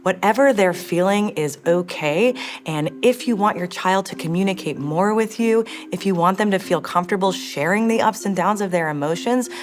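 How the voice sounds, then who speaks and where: A woman giving clear, reassuring advice to parents in an interview. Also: medium pitch, normal speed, hardly any pauses, faint music behind. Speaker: child mental health expert.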